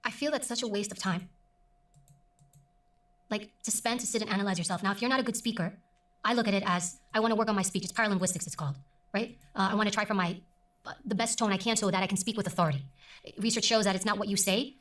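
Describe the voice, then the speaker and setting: A middle-aged woman who works as a news presenter, talking emphatically and deliberately as an interview guest. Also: medium pitch, fairly even intonation, echoey room, far from the mic. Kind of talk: conversational interview.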